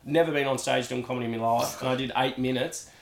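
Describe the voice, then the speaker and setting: A young Australian man telling his stories in a loose, animated way, swearing freely. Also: medium pitch, quick pace, vocal fry. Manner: swearing, animated, acts out quoted voices. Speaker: guest. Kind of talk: casual storytelling chat. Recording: roomy echo.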